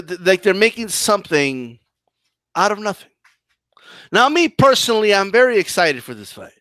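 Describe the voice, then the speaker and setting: A man's voice: sits high, no echo. A man hosting a boxing live stream, ranting and mocking while reading chat. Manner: animated, mocking, combative rant with restarts. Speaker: boxing commentary channel host.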